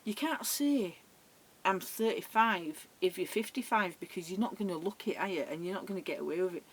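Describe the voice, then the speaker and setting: This is a middle-aged woman with a husky, breathy tone. She tells stories in an easy, conversational vlog style and animates each anecdote as she retells it. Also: on the low side, a little fast, poor audio. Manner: chatty, animated retelling with laughs. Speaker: vlogger. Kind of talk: casual storytelling.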